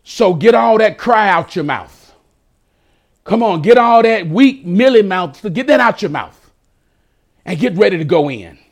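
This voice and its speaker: A man's voice: sits high, lively intonation, measured pace. A male pastor preaching a sermon to a streamed congregation, using call-and-response phrases and drawing out emphatic words.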